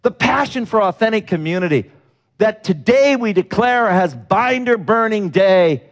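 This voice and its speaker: A man preaching a sermon as a pastor, telling a story with animated delivery, acting out the people he quotes and breaking into laughs. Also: high-pitched, moderate pace.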